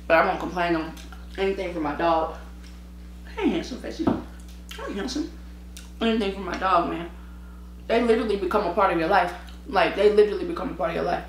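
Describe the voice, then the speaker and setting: A tired woman, a mukbang vlogger, chats casually on camera while eating, her lowish voice moving at a quick pace with a slight hiss or hum. She tells animated, slangy stories full of laughs, pausing to eat and sip between sentences. She uses her own microphone in an echoey room.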